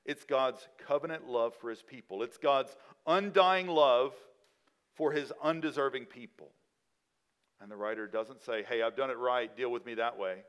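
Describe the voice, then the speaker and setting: A man preaching a sermon as a pastor in a church, rising to loud, emphatic peaks and dropping to quiet, low endings. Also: normal speed, smooth.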